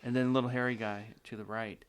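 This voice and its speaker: A male radio host leads an interview with a middle-pitched voice. He asks calm, probing questions about his guest's story. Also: fast, clean tone.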